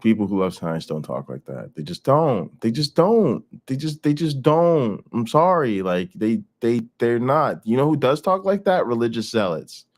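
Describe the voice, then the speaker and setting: A man's voice: mid-range voice, very animated, moderate pace, hardly any pauses, darkish tone. A man hosting a casual commentary, blunt, profane and emphatic as he reacts to clips.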